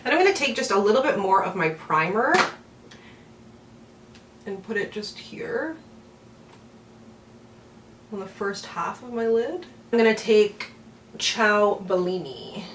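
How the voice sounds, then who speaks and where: A woman's voice: mid-range voice, expressive, unhurried, fairly bright tone, far from the mic. Chatty woman doing her makeup, roomy echo. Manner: chatty, giggly, rambling with fillers. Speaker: beauty vlogger. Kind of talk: get-ready-with-me makeup chat. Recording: roomy echo, from off the mic, faint room hum.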